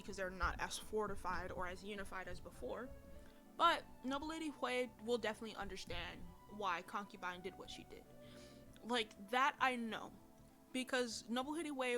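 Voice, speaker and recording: A woman's voice: mid-range voice, pushed and bright. A woman hosting a casual commentary show, talking in a chatty, rambling way with many fillers and self-corrections. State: burping from heartburn. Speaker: podcast host reviewing a TV drama.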